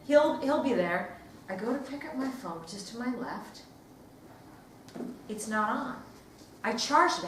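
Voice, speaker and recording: A woman giving a dramatic storytelling speech at a speaking club, swinging between hushed whispers and loud outbursts. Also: high voice. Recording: very echoey room, distant mic, faint noise.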